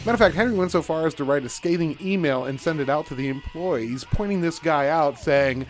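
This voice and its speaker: A man's voice: fairly high pitch, brisk, hardly any pauses, soft background music. A man co-hosting a radio show, telling a story in a casual chat and laughing along. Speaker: radio co-host.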